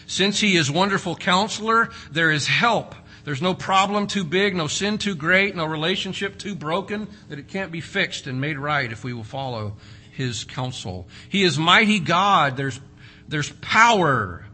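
Male preacher, fairly high and bright, dynamic emphatic sermon. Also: animated, normal speed, slight background noise. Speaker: pastor.

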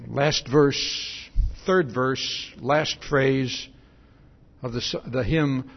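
A man's voice: mid-range voice, slow pace, creaky, pauses often. A male pastor giving a conversational sermon, often repeating words and asking "See?" as he acts out the quotes. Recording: dull lo-fi sound.

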